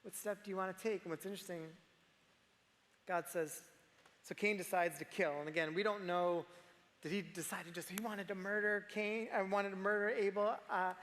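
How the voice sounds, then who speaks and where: A man with a high, light voice preaches a sermon in a relaxed, conversational way. He often sinks to a near-hushed voice for emphasis, and his words ring out with the long reverb of a large church hall. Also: normal speed. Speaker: pastor.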